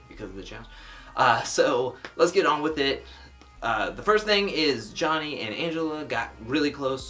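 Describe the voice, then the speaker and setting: A man talks through a reality show episode in a loose, chatty vlog style, tossing off sarcastic asides. His voice sits at a middling pitch, and faint music runs underneath. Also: pushed and bright. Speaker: TV recap vlogger. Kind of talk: casual recap commentary.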